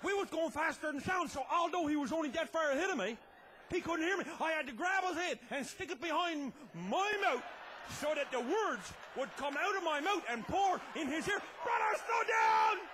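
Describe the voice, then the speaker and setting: A man telling a tall tale as a comedy monologue, loud and laughing, often breaking into shouts. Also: very high-pitched, expressive, moderate pace, a crowd in the background, background noise. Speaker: comic storyteller.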